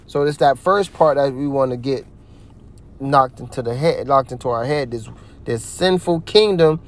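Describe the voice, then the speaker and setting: A man's voice: fairly high pitch, normal speed. A man giving heated religious commentary, ranting in a profane, preachy way.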